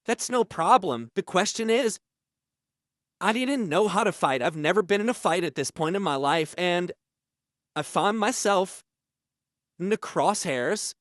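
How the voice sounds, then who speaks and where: A man telling a deadpan comic prison story in a halting, stammering, self-pitying way. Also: high-pitched, no echo, clean studio sound. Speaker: parody interviewee.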